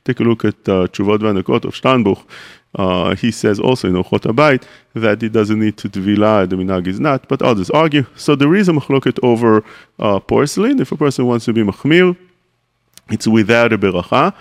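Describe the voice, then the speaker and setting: A man's voice: fairly low pitch, animated, racing. Man teaching a rabbinic class. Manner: explanatory, poses questions then answers them; mixes Hebrew terms into English. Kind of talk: radio Torah class.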